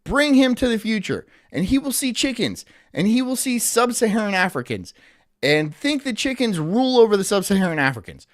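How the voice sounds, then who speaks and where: A man's voice: high voice, sing-song, fairly quick. Rambling, sardonic male streamer. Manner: rambling, sardonic, laughs at his own jokes. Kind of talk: casual live-stream commentary.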